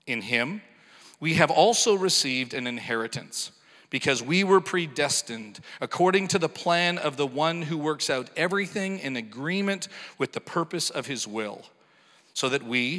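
A man reading a scripture passage aloud in a church, measured and formal. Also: on the high side, a bit bright. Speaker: scripture reader. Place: church sanctuary. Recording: echoey large hall.

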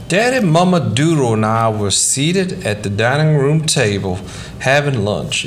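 A man reading a short story aloud in a soft, quiet, measured way. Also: fairly low pitch. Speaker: narrator.

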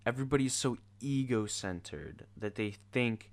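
A man's voice: fairly low pitch, moderate pace. A teenage boy ranting casually in an exasperated, sarcastic way. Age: teens. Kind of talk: casual rant to camera.

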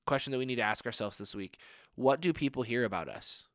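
A young adult man, a young adults pastor, preaches a conversational sermon in a fast, medium-pitched, fairly bright voice. The clean studio sound has no echo, and he's earnest, full of rhetorical questions, and says "like" frequently.

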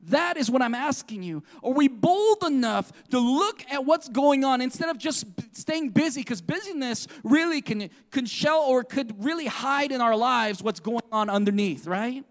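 High-voiced earnest male preacher. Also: lively intonation, normal speed, hardly any pauses. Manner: earnest, asks the congregation questions. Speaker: pastor. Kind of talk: sermon.

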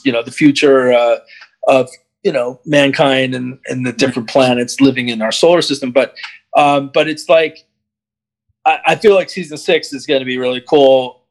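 A man chatting casually about a TV series, rambling and animated, with many restarts. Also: medium pitch, normal speed. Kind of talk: casual chat.

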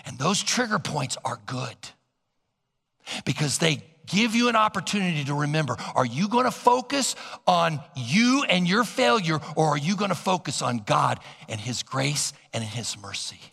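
A male pastor preaching a sermon, swinging from loud emphasis to soft, low asides. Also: sing-song, moderate pace, gravelly, slightly rough, long reverb tail.

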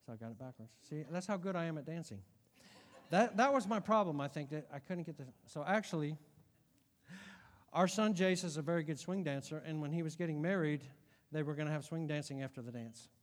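A middle-aged man preaching a sermon as pastor, animated, dropping to a hush and then shouting. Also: a little high, brisk. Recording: long hall reverb.

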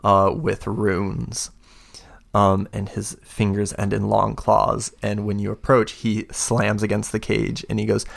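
A man narrating as game master of a tabletop game, halting and full of fillers. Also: fairly low pitch, monotone, gravelly.

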